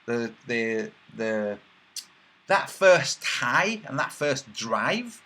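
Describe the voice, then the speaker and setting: A man's voice: mid-range voice, sing-song, drawn-out words, bright, forceful tone. A man hosting a casual livestream, reading chat messages aloud in a rambling, mocking way with many filler sounds.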